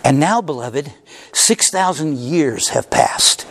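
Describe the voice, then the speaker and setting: A man with a high voice preaching a sermon. He works through the passage verse by verse, then builds to impassioned, shouted cries, his pitch leaping upward at the peaks. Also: expressive, slow pace. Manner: preaching with dramatic swings in pitch, crying out at climaxes. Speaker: pastor.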